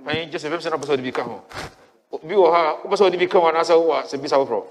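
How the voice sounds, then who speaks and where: Brisk man moderating a church panel. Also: on the high side. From Ghana. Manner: brisk, hands the floor to others. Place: church sanctuary during a livestreamed service. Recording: echoey church hall.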